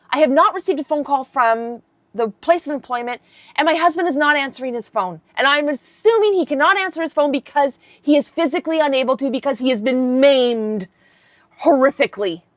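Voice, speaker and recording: Lady in her 50s vlogging, kinda high voice, super dry sound, talks real candid and swears a bunch. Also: no room sound. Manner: animated, candid, swears freely, laughs mid-story. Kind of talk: casual storytelling to camera.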